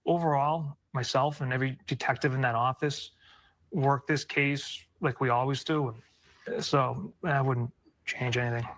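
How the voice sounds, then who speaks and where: A man, a former state trooper, recalling events haltingly and emotionally in a recorded news interview. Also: medium pitch, steady tone, fairly bright tone.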